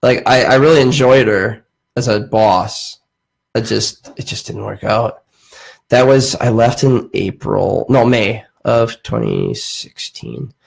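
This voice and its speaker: Young man, podcast host, gravelly voice, slightly husky, loose rambling storytelling with swearing. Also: lowish voice, expressive, takes it slowly, rough recording. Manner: rambling, profane anecdotes with frequent fillers. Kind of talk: casual storytelling chat.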